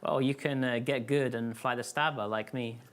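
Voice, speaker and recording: A man appearing as a guest player and streamer, chatting in a relaxed, cheerfully boastful way. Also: medium pitch, moderate pace, a little hiss or hum. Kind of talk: casual desk interview.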